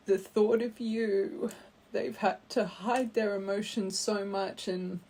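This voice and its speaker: This woman's medium-pitched voice is gravelly and slightly rough. A tarot reader, she offers her viewers a gentle, heartfelt card reading and refers to them as her angels.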